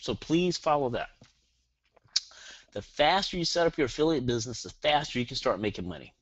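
A Southern-accented man runs a live webinar in a fast, hyperactive rush, peppering listeners with questions. His voice sits at an ordinary pitch. The sound is dry and a little dull, like a call mic. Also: no room sound. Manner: energetic, hyperactive, fires rhetorical questions at the audience. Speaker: online marketing webinar presenter.

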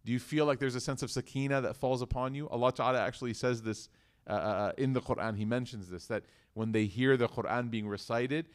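A man's voice: medium pitch, fast. A man teaching a religious class, talking casually and asking the students questions as he goes. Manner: conversational, asks the class questions. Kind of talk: interactive class lecture.

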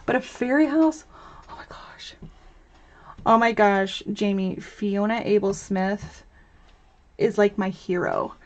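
A woman's voice: medium pitch, a little slow, a little mellow, lo-fi sound. A young woman hosting a live crafting tutorial, chatty and bubbly, chatting with viewers as she works and laughing often. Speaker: host of a crafting livestream.

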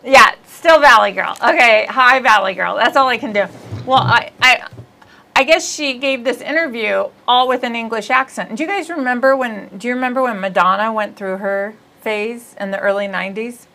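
A woman hosting a podcast in casual comedic chat, rambling, giggly and quick to poke fun at herself. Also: fairly high pitch, creaky, pushed and bright, low-quality recording. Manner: rambling, giggly, self-deprecating. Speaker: podcast host.

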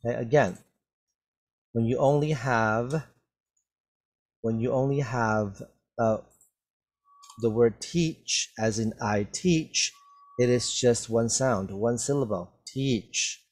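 A man teaching English vocabulary, reading slowly and repeating each word clearly for learners, speaking through a mask. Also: medium pitch, a little mellow. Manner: very slow, carefully enunciated, repeats words for learners. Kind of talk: slow classroom reading and vocabulary drill. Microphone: wears a mask while talking.

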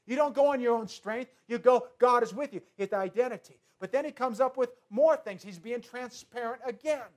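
A pastor with a notably high voice preaches to his congregation. He leans hard on repetition, shifts between hushed asides and ringing declarations, and keeps the tone earnest throughout. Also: brisk, few pauses. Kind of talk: sermon.

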